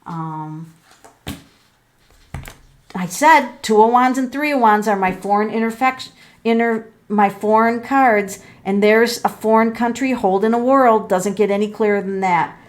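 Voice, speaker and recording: At a measured pace and medium pitch, a middle-aged woman, a tarot reader and numerologist, reads cards casually for viewers she addresses as folks. She reasons aloud and lets out exclamations and gasps as the cards turn up.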